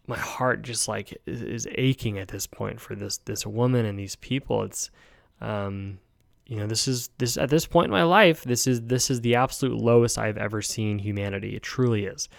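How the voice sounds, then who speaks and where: A man, a podcast host who works in hospice care, telling a personal story in a halting, heartfelt way with many fillers and restarts. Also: fairly low pitch, gravelly, no echo, clean studio sound.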